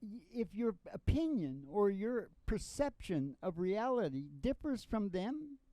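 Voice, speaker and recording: A man's voice: high-pitched, very animated, measured pace, mellow, no room sound. A man hosting a casual chat who jokes around and sings country songs with gusto. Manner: playful, jokey, sings with gusto. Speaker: host and singer. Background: acoustic guitar.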